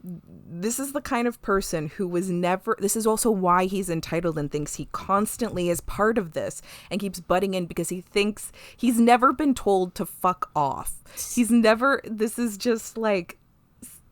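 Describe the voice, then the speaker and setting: A woman co-hosting a podcast in casual chat, animated and profane, recapping an episode with laughs and venting. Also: mid-range voice, no room sound. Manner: animated, swears freely, laughs and vents. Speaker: podcast co-host.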